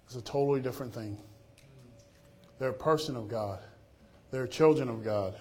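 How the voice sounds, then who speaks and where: A man preaching with real swings in volume, dropping soft and then climbing loud. He tells stories and acts out the people he quotes. His voice sits at an ordinary middle pitch. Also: moderate pace, slightly rough. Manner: lively storytelling, quoting others in changing voices. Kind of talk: sermon with closing prayer.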